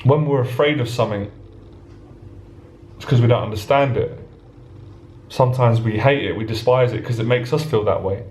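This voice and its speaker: A man's voice: mid-range voice, moderate pace, pauses often, darkish tone. A man coaching on social anxiety in an earnest, passionate monologue, acting out anxious thoughts. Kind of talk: motivational monologue to camera. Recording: roomy echo.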